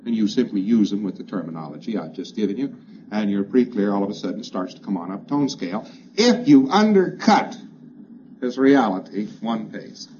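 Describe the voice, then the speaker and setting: A man's voice: on the low side, fairly quick. Man lecturing, fading repeated phrases. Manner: repeats phrases, trailing off quieter each time; emphatic, plainspoken, conversational. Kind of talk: lecture to a congress audience. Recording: dull, hissy old lecture recording.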